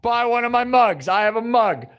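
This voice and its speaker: A man's voice: very high-pitched, animated, normal speed. A young man hosting a live music stream, chatting in a rambling, laid-back way with lots of "dude" and "like". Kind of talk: casual rambling chat.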